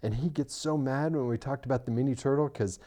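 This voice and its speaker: A man's voice: mid-range voice, a little fast. A middle-aged man co-hosting a podcast in casual chat, telling stories and teasing his friend. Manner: teasing, animated storyteller. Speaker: podcast co-host.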